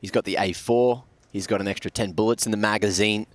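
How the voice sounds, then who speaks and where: Australian esports caster, low voice, brisk slangy play-by-play, loud game noise under it. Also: male voice, fairly even intonation. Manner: brisk, colloquial, sporty slang. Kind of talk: play-by-play commentary. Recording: noisy game audio behind.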